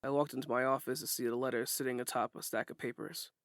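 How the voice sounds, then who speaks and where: A man narrating a first-person audiobook in a steady, plain storytelling way. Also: medium pitch, fast, no room sound, studio quality.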